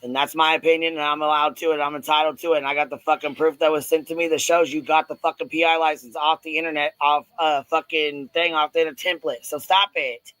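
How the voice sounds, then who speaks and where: Male host, somewhat high voice, dry close sound; blunt, swearing, confrontational live-stream rant. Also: level tone, fast, hardly any pauses, a bit bright, no echo, poor audio. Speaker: host of a live audio panel.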